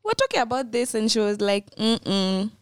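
A woman's voice: a little high, big pitch swings, fast talker, crowd noise. Blunt woman, emphatic. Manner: blunt, emphatic, repeats short retorts. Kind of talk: casual podcast chat.

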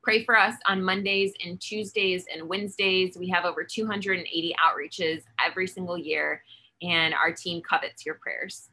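A woman's voice: lowish voice, steady tone, moderate pace, sharp tone. A woman speaking earnestly as a guest in a faith interview, telling stories of her outreach work and acting out her own lines. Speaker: founder of an outreach ministry, guest. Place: Texas.

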